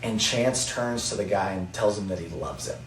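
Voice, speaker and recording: A man's voice: lowish voice, normal speed. A young man, a college basketball player, talking earnestly about his faith on a podcast. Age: young adult. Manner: earnest, testifying. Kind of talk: faith-focused podcast chat. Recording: roomy, distant mic, faint noise.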